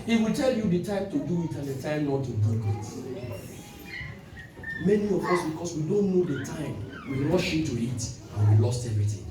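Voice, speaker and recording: A male pastor preaches with a lively, swooping pitch, calling for amens and bursting into shouts. He sounds far from the mic in a big reverberant hall, with music clearly playing beneath him. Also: fairly quick. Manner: animated preaching with call-and-response, sudden shouts. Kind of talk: sermon. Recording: echoey hall, distant mic, music behind.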